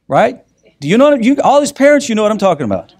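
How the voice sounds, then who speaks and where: A middle-aged man teaching a group, telling a personal family story with animated retellings and many restarts. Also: sits high. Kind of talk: storytelling talk.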